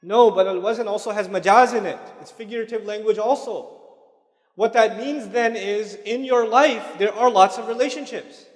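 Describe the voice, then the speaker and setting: A man giving a religious lecture in a relaxed, conversational way, dropping in casual asides and Arabic terms. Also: high voice, moderate pace. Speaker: Islamic lecturer. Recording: long hall reverb.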